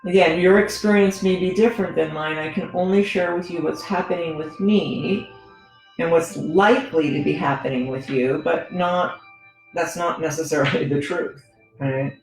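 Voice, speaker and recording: A woman leads a gentle yoga practice, talking through each pose in an easy, conversational manner and often checking in with her listeners. Her voice bounces around a very reverberant room while soft music plays faintly underneath. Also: lowish voice, normal speed, gravelly. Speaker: yoga teacher. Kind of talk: guided yoga instruction.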